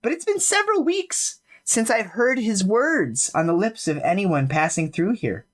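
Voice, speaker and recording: A man doing a high, eager townsperson. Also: sing-song, moderate pace, a bit bright. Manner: rambling and eager.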